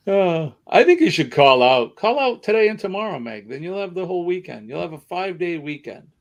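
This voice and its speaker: A man's voice: high voice, big pitch swings, moderate pace, dull audio. Rambling chatty Southern American man. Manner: rambling, chatty, many fillers. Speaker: livestream host. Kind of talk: casual live-stream chat.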